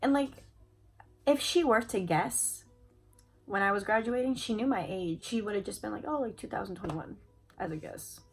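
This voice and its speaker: A woman's voice: mid-range voice, normal speed, faint music behind, poor audio. A young adult woman chatting to camera, telling a personal story in a casual way, full of "like" fillers and replayed conversations. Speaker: vlogger.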